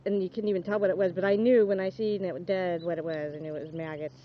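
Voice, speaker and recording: A young woman outdoors on a dog walk, filming with a handheld camera and talking off the cuff, grossed out and repeating her exclamations, sometimes shouting for her dog. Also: fairly low pitch, fairly even intonation, quick pace. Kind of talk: unscripted phone-camera commentary. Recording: dull lo-fi home video with faint background noise.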